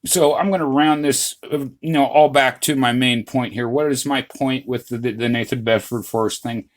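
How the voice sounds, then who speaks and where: A man's voice: medium pitch, fairly even intonation, normal speed, a little hiss or hum. Male vlogger, mid-range voice, off-the-cuff and rambling, heavy on fillers, earnest. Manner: rambling, frequent "uh, you know" fillers and restarts; earnest, addresses viewers as "guys". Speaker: channel host. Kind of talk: casual history vlog monologue.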